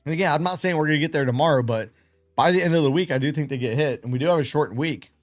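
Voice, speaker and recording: A late-night trading livestream host talks in a voice on the high side, racing along with faint music behind. He chats casually and rambles in a self-deprecating way.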